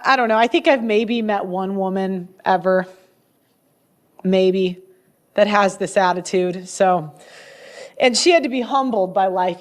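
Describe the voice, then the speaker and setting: Blunt high-voiced woman commentator. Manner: blunt, laughs often, restarts sentences. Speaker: host. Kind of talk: opinionated casual commentary.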